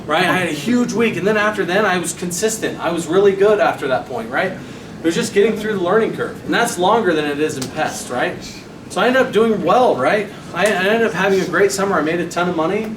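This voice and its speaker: A young man with a fairly high voice tells a motivational story to a sales team, acting out what he said back then with lively energy. The sound is roomy and echoing, picked up from a distance. A noisy background runs throughout. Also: fairly quick. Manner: animated storytelling, acting out his own quotes. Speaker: sales trainer presenting to a team. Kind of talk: motivational training talk. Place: meeting room. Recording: echoey room, mic far off, noisy.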